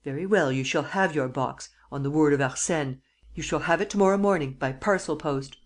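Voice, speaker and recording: An audiobook reader voicing a cunning, mocking gentleman thief who taunts and bargains, with a theatrical, triumphant manner. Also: mid-range voice, a little fast, close to an everyday voice. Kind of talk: audiobook character reading.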